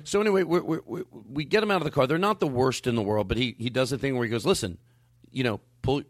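Animated man telling a story, dry sound. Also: mid-range voice, quick pace, no echo. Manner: animated, acts out quoted dialogue. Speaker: podcast host. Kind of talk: casual storytelling chat.

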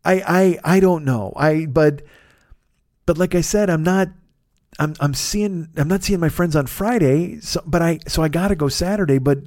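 A man's voice: on the high side, normal speed, darkish tone, dry recording, clean studio sound. Profane, exasperated man ranting. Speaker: podcast host. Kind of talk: casual storytelling monologue.

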